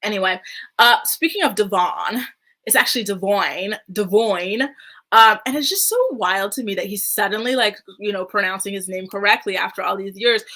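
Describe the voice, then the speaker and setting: Sassy, bright-voiced woman recapping TV. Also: mid-range voice, quick pace. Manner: sassy, chatty, heavy use of "like". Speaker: reality TV recap host. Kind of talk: casual commentary.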